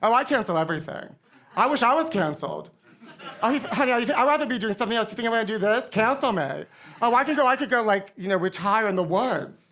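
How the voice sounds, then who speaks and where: A woman's voice: fairly high pitch, animated, fast, a bit bright. Woman doing a campy diva pop star. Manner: campy, calls everyone honey, rambling asides. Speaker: comedy guest in character. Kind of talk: live comedy stand-up in character. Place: theater stage with live audience.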